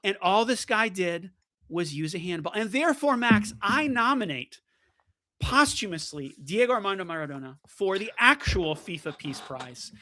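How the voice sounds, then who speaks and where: A man co-hosting a debate show, telling stories with animated energy and lots of fillers and restarts. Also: sits high, moderate pace. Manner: excitable storyteller, many fillers and restarts.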